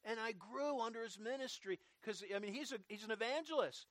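A middle-aged man preaching a sermon as pastor, talking earnestly and sinking to a quiet, low voice in prayer. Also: brisk, no echo.

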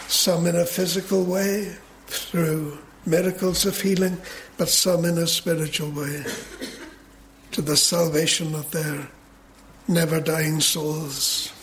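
A man preaching a sermon in a measured way, building to emphatic peaks. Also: on the high side, a bit bright, a little hiss or hum.

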